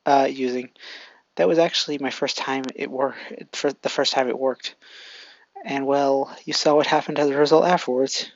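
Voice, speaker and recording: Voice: medium pitch, no echo, highs cut off, close to an everyday voice. A fan storyteller voicing an earnest, shy teenage boy hero who stammers at times, in a fan audio story.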